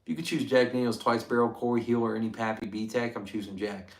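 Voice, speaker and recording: A chatty man hosts a casual whiskey livestream, reading viewer comments aloud and reacting with excitement. His voice sits at an ordinary middle pitch. The sound bounces around an echoey room. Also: a little fast. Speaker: livestream host reviewing whiskey.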